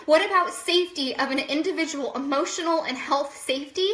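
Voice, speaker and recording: Tearful woman, high bright voice. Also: a little fast, roomy sound. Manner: tearful, apologetic, talks straight to viewers. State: crying. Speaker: vlogger. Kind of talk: emotional personal vlog.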